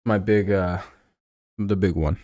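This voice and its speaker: A man's voice: deep voice, steady tone, slow, mellow, dry recording. A man streaming live, talking football in a rambling, profane way with lots of fillers and restarts. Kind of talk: casual live-stream sports chat.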